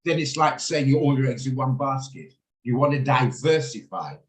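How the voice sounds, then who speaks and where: A man teaching a live online trading lesson over a video call. He talks quickly and walks through each step hands-on. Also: mid-range voice, lively intonation. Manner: fast, hands-on step-by-step explaining. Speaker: trading instructor. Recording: echoey room sound.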